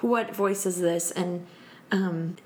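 A woman in her thirties, a podcast guest telling a story in casual chat, animated and laughing often as she acts out quotes. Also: lowish voice, takes it slowly.

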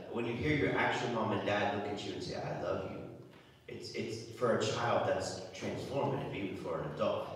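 Recorded from far off in an echoey church, a preacher with a lowish, fairly bright voice gives a homily. He talks conversationally, often repeating words as he restarts.

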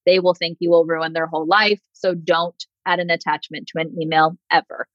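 A woman's voice: lowish voice, brisk, dry recording, dull audio. A woman talking as a podcast guest and PR coach, casual and sarcastic, acting out quotes in other voices. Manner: animated, sarcastic, acts out quotes.

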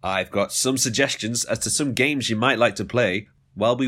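A man hosting a podcast, delivering a comedic monologue with mock-dramatic swings and deadpan asides. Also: mid-range voice, moderate pace, few pauses. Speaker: podcast host.

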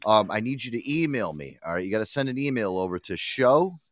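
A man's voice: lowish voice, a little fast, no room sound, studio quality. A man hosting a casual radio talk show, rambling and swearing as he hypes up a guest. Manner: profane, rambling, excitable promoter talk. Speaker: host.

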